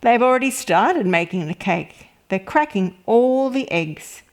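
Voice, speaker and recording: A woman reading a picture book aloud to children in a gentle, expressive storytelling manner. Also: fairly high pitch, unhurried.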